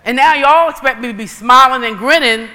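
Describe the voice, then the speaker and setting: Woman preacher, animated storyteller acting out dialogue, bright tone, long hall reverb. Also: high-pitched, brisk. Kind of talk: sermon.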